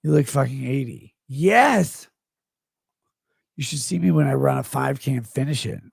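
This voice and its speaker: A middle-aged man livestreaming, reading chat comments aloud in a slurred, rambling way that swings between mumbles and loud outbursts. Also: mid-range voice, expressive, moderate pace, no echo, clean studio sound. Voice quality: gravelly. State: drunk.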